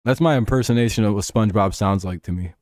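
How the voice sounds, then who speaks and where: A young man hosts a casual livestream over a football game, talking fast in a lowish, darkish-toned voice. He jokes, swears and laughs often, and the studio-quality audio has no echo.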